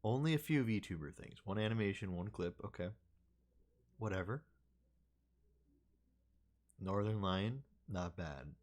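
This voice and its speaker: A man's voice: fairly low pitch, lively intonation, unhurried, pauses often, darkish tone. A man streaming and chatting casually with his viewers, rambling and thinking aloud with lots of fillers and restarts. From United States.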